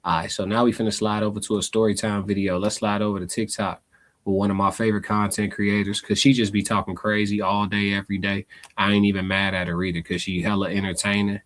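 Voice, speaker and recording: A man's voice: fairly low pitch, quick pace. Slangy male reaction-stream host. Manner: slangy, laughing, animated asides. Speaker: live show host. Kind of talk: casual reaction commentary.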